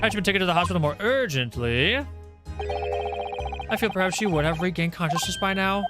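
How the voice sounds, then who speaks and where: A man's voice: sits high, lively intonation, a little fast. A man voicing an eccentric, grandly polite male detective with an airy, mocking manner. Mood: breezy. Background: loud game music.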